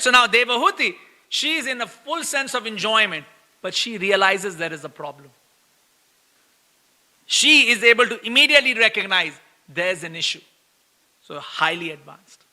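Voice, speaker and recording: High bright man preaching in a hall. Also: moderate pace. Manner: lively storytelling, acts out quoted complaints, laughs often; asks listeners "right?" again and again. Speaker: preacher giving a scripture class. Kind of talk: sermon. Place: temple hall. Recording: long hall reverb.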